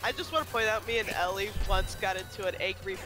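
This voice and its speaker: A woman's voice: medium pitch, fast talker, over music. A woman from Texas chatting casually and teasing her friends on a stream. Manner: brash, teasing. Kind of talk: casual chat.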